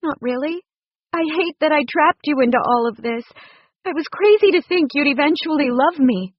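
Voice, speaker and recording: A woman voicing a vulnerable, emotional pregnant young woman in an audiobook, her pitch raised and pleading. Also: normal speed, no room sound, muffled recording, lightly acted.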